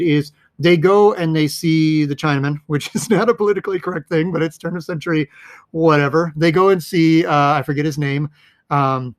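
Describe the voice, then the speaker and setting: A man's voice: fairly high pitch, no room sound. Chatty man with a dry close sound. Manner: rambling, chatty, many fillers. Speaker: movie explainer. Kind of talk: casual film breakdown.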